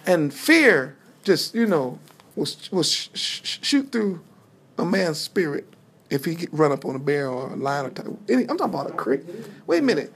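Gravelly, animated folksy preacher. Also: medium pitch, normal speed. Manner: folksy, emphatic, tells the story with dialogue. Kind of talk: sermon-style Bible teaching with call and response.

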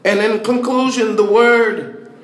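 A man preaching a sermon in a slow, rhythmic cadence, stretching words and rising to shouts. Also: high voice, steady tone. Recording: echoey hall, mic at a distance.

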